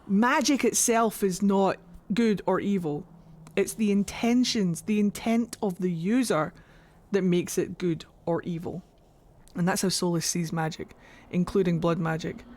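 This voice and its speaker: A woman's voice: fairly low pitch, fairly even intonation, unhurried, darkish tone. Rambling Scottish woman game streamer. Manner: rambling, swears freely. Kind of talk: casual live-stream chat.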